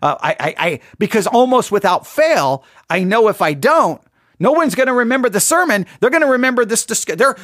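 A man's voice: sits high, big pitch swings, moderate pace, a bit bright, no echo, studio quality. A man giving casual commentary on a sermon clip, chatty and wry, often repeating his phrases.

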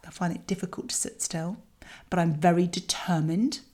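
Chatty mum-type coach, middle-aged, lowish voice, candid asides to parents. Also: female voice, steady tone, normal speed, dark tone. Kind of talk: talking to parents about a child exercise.

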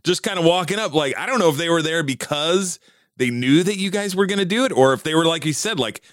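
Host guy, voice a bit high, dry close sound, laughs along a lot. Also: lively intonation, fast, fairly bright tone, dry recording. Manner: responsive, laughs along, affirms often. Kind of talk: casual interview chat.

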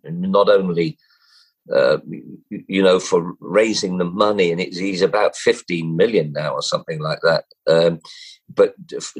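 A man's voice: low-pitched, husky, poor audio. An older man, a former jockey turned broadcaster, telling stories as an interview guest, acting out quoted voices and chuckling as he goes. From England. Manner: lively, acts out quoted voices, chuckles, restarts often. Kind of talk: anecdotal storytelling.

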